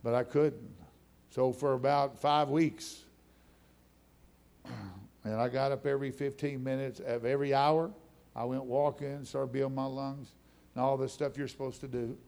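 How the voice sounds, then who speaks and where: A man's voice: mid-range voice, fairly even intonation, measured pace, creaky, pauses often, darkish tone. A middle-aged man preaching a testimony sermon, telling his story in a conversational way that builds into fervent preaching.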